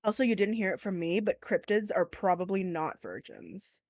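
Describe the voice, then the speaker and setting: A woman's voice: mid-range voice, lively intonation, moderate pace, over loud music. A young woman streaming, chatting casually and ranting bluntly with lots of swearing and giggles. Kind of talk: casual live-stream commentary.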